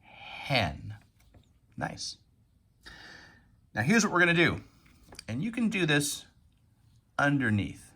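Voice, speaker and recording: A man's voice: fairly high pitch, big pitch swings, a little slow, long pauses, pushed and bright, husky. A man teaching a phonics lesson to young children, patiently sounding out and repeating words.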